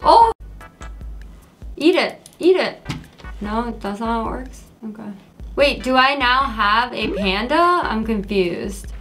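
A young woman giving casual, excitable commentary while playing a video game for the first time, yelping at enemies. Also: on the high side, measured pace, soft background music. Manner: excitable, yelps and scolds at enemies. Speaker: gaming creator. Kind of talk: casual let's play commentary.

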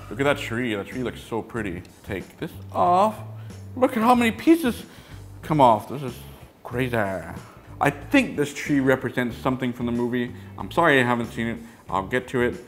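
A man reviewing a toy set in a casual, excitable way, often trailing off into quiet mumbles. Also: fairly low pitch.

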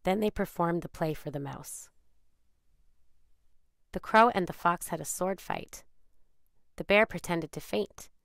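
Low gravelly woman reading a children's story. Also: dry recording, clean studio sound. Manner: calm, measured. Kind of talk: children's read-aloud narration.

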